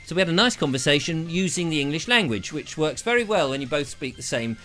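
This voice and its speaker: A jokey man hosts a casual live stream in a high, animated voice. He rambles cheerfully from one pun to the next, and his tone is bright and forceful. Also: fast talker, soft background music. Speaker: live show host.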